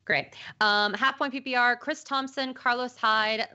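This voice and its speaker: A woman's voice: on the high side, fairly even intonation, pushed and bright. A woman co-hosting a live fantasy football stream, chatting casually, laughing easily and rattling through player picks. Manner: chatty, laughs easily, reads ad copy quickly. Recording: slightly dull lo-fi live-stream audio.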